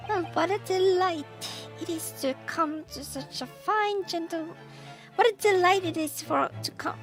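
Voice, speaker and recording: A woman's voice: very high-pitched, a bit bright, exaggerated voice. A woman doing a pompous old court judge. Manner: formal, courtly and fussy.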